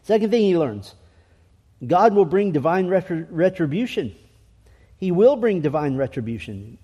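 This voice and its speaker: A man's voice: high-pitched, sing-song, normal speed, dark tone, slightly rough, in a large hall, dull audio. A man preaching a sermon in an earnest, emphatic way, asking rhetorical questions and reading scripture aloud. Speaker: pastor.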